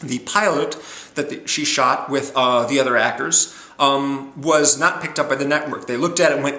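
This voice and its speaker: A man's voice: mid-range voice, moderate pace, bright, forceful tone, echoey room. A man casually reviewing films in a rambling way, with many ums and uhs. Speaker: movie reviewer.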